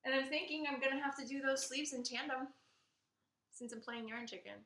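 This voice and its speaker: A woman co-hosting a casual podcast chat, gushing and excitable, laughing often. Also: high voice, fairly quick. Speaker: podcast co-host. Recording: echoey room.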